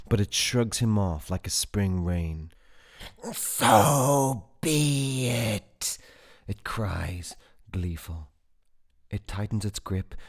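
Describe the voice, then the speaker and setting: Man, audiobook narrator, low voice, slow unhurried reading, measured. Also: a little mellow.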